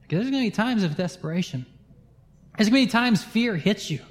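A man, a pastor telling a lively personal story in a sermon and chuckling through it. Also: high voice, a little fast. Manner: animated storyteller, laughs through his own anecdotes. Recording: long hall reverb.

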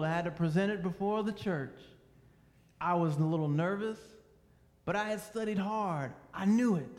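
A man's voice: sits high, long reverb tail. A male pastor preaching a sermon, emphatic and drawing out key words for weight.

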